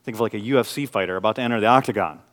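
A middle-aged man from the Detroit area, a pastor preaching a sermon, moving between loud, intense passages and quiet, intimate ones. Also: lowish voice, rapid-fire, long reverb tail. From Detroit area, USA.

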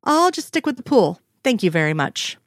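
A woman's voice: fairly high pitch, sing-song, normal speed, dry recording. A woman voicing a reserved, stone-faced older man who speaks firmly and dryly, in an audiobook reading. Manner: firm, dry understatement.

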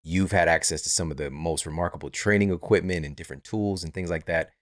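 Man, podcast host, very low voice, dry close sound, relaxed curious questions. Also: fast talker, no room sound. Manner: relaxed, curious, affirming interviewer. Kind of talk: podcast interview conversation.

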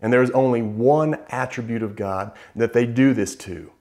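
A man's voice: medium pitch, darkish tone. Emphatic male preacher giving a sermon. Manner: emphatic, slows down to stress repeated words.

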